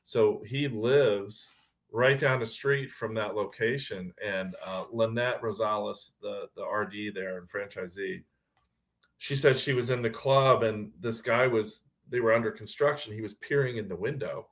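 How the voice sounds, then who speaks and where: Low-voiced man telling lively stories. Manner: lively storytelling, quick to laugh. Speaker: guest, pickleball club founder. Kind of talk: casual podcast chat.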